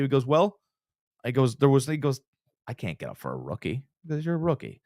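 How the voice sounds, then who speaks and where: On a laid-back sports podcast, a male co-host tells lively stories and acts out what people said. He talks at a quick pace with a medium pitch, captured in a dry, studio-quality recording.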